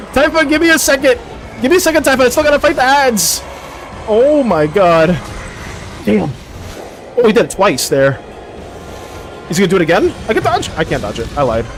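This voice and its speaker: A streamer giving excitable live gameplay commentary, swearing and laughing often. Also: medium pitch, fairly quick, pauses often, faint music behind.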